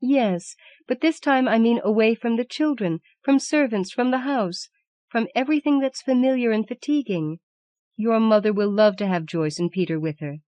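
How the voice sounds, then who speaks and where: A woman's voice: on the high side, moderate pace, mellow, dry recording, voice pushed up, lightly acted. A woman reading the lines of an anxious young wife in an audiobook, urgent and coaxing. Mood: insistent.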